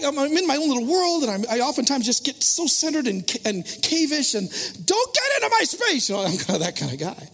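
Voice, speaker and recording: A man preaching a sermon as a story, self-mocking and animated, acting out his own thoughts in loud voices. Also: high-pitched, in a large hall.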